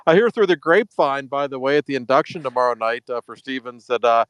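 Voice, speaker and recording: A man's voice: medium pitch, lively intonation, fast, fairly bright tone, smooth, no echo, poor audio. A man casually chatting as a hockey writer on a podcast, telling stories in an offhand, dry way.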